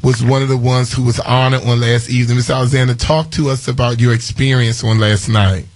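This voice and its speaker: A man's voice: mid-range voice, fairly even intonation, brisk. A man hosting a morning radio call-in show, effusive and full of thanks, repeating names as he talks. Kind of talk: casual call-in radio chat.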